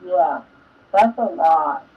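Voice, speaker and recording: Chatty grandma type hosting a live stream, kinda breathy, muffled sound. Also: female voice, fairly low pitch, animated, takes it slowly. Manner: chatty and emotional, laughs often. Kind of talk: casual chat. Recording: dull lo-fi sound, distant from mic.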